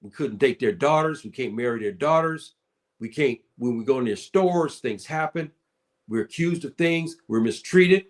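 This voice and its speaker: A man's voice: medium pitch, lively intonation, normal speed. A man giving casual spoken commentary, addressing listeners as brother and sister and often repeating his words.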